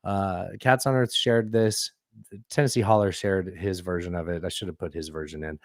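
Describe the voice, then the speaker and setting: A man's voice: deep voice, steady tone, normal speed, dry recording, studio quality. Opinionated man hosting a podcast. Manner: opinionated, explains at length with restarts. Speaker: podcast host. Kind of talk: casual political chat.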